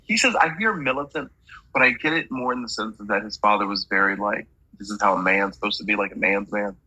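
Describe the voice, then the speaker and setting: A man's voice: lowish voice, fairly quick, sharp tone, slightly rough, no room sound, low-quality recording. A man working as a medium, relaying messages in a chatty reading and stringing quotes together with "he's like".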